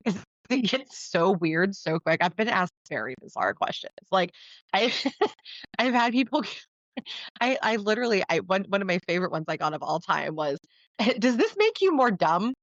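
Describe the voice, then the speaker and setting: A woman talking casually as a podcast guest, laughing often and acting out quoted people in a higher voice. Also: animated, moderate pace, a bit bright, no echo. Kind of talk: casual interview conversation. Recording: dull dry lo-fi sound.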